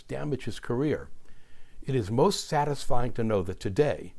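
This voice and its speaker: A man giving scripted narration in a deliberate, wry manner with dry asides. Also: medium pitch, darkish tone.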